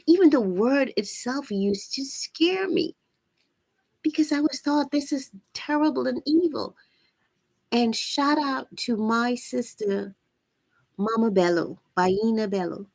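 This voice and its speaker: Woman host, raspy, earnest and preachy; unhurried delivery, dry sound. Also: mid-range voice, darkish tone, no echo. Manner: earnest, preachy, repeats phrases for emphasis. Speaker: channel host. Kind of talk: live-streamed spiritual talk.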